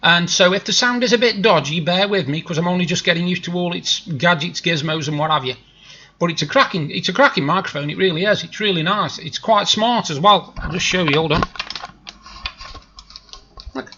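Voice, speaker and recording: A man's voice: high-pitched, a little fast, bright, forceful tone, dull audio, a little hiss or hum. A man from Stoke-on-Trent with a broad Potteries accent, chatting casually and rambling to camera in a video diary. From Stoke-on-Trent, England. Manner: chatty, rambling, self-deprecating. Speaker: vlogger. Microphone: new desktop microphone.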